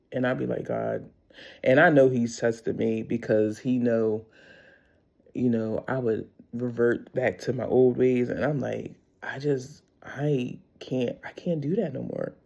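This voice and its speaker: A woman's voice: extremely low pitch, vocal fry, mellow, highs cut off. A middle-aged woman vlogging a casual faith talk, candid and rambling with frequent laughs.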